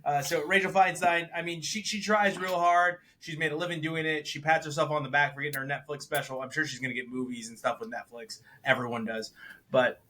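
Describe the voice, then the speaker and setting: A man co-hosting a podcast, chatting casually about movies he watched and acting out the lines he quotes. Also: fairly quick. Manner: animated, acts out quotes with big jumps in pitch and volume. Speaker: podcast co-host reviewing films. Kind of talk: casual chat.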